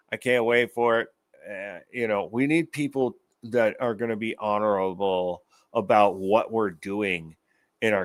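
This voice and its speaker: A man's voice: on the low side, fairly bright tone, no room sound. A man hosting his own show, giving rambling, profane commentary in a casual ranting manner. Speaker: show host.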